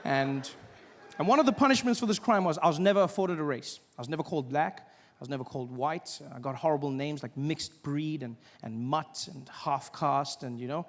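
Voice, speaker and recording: South African comic, reverberant live stage. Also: male voice, a little high. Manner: storytelling with quick asides and mimicry. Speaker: stand-up comedian. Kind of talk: stand-up routine. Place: theater stage. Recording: reverberant live theater recording, faint noise.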